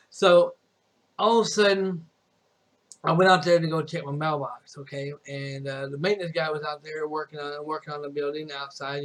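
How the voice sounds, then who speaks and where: A young man telling a personal story in a rambling, casual way, with many restarts and some swearing. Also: a little high. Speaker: streamer.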